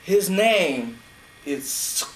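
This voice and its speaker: Slow, unhurried storyteller in an echoey room. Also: mid-range voice, animated. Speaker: club member telling an improvised story. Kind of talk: improvised storytelling. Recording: echoey room, faint noise.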